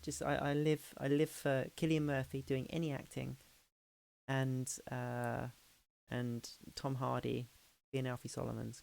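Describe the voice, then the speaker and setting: A woman streamer in a casual hangout chat, talking fast and loose with frequent laughs and restarts. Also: deep voice, creaky. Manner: chatty, laughing, restarts sentences.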